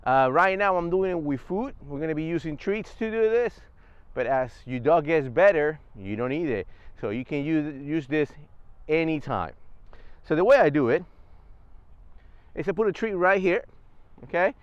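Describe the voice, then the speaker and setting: A man talks through training steps at an easy, explanatory pace in a casual vlog. His voice is smooth and resonant, a little higher than most men's. It sits close on a clip-on mic with a dry sound. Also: normal speed, pauses often, no echo, lo-fi sound. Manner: relaxed step-by-step explaining. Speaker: service dog trainer. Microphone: wireless clip-on mic.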